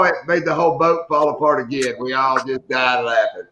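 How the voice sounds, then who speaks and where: A man's voice: on the high side, brisk, few pauses, pushed and bright, reverberant, highs cut off. A man hosting a casual live-stream chat, telling stories with a joking manner. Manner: joking storyteller. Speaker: host.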